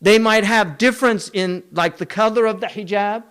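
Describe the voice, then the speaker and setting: A man's voice: high voice, moderate pace, a bit bright, clean tone. Emphatic man lecturing. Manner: emphatic, rhetorical questions, long spoken lists. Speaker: Islamic scholar lecturing.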